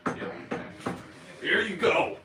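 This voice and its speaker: A man co-hosting a casual live-stream chat, giving quick, upbeat short replies. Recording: echoey room, mic at a distance, faint noise.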